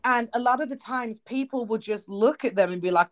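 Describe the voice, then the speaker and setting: A woman's voice: mid-range voice, fast talker, few pauses. Blunt British woman chatting casually. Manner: blunt, animated, laughs often. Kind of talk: casual chat.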